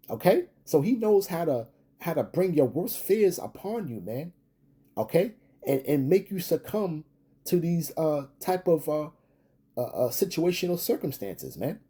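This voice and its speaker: Male street preacher, husky mellow voice, stop-start emphatic delivery with rising tags. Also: a little high. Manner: repetitive, peppers lines with "man" and "okay?". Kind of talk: scripture commentary video.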